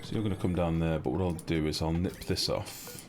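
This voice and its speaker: A man's voice: sits low, steady tone, brisk. A man streaming a building game live, chatting casually, joking and answering his viewers' messages as he plays. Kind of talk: casual live gameplay commentary. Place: home streaming setup. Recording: game music underneath.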